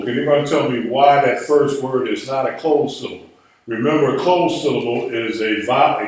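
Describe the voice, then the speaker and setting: A man lectures a class at an unhurried pace, stopping to put questions to his students. His voice comes from some distance away and rings through a very echoey classroom. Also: mid-range voice. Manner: asks the class questions, patient explaining. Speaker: Hebrew teacher. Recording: echoey room, mic far off, live stream.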